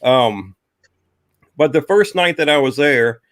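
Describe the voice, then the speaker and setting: A man's voice: fairly high pitch, lively intonation, slow pace, dry recording, studio quality. A man telling a long personal ghost story in a casual, rambling way, with many fillers.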